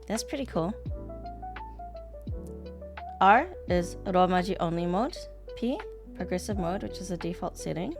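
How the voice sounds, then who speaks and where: NZ woman streamer, lowish voice, chatty live commentary over a music bed. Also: animated, unhurried, vocal fry, long pauses. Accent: New Zealand. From New Zealand. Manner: chatty, reads aloud and reacts. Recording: background music track.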